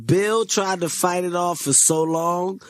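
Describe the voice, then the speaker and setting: Animated high-voiced storytelling man. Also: a little slow. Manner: animated, swearing, acts out other people's lines. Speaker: comedian guest. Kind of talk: casual storytelling.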